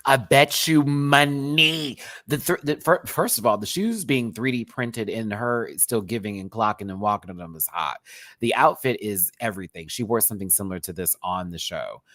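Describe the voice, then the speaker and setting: A young man giving live-stream commentary on a reality show, gushing and bursting into excited squeals. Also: on the low side, brisk, dry recording. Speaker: reality TV reviewer.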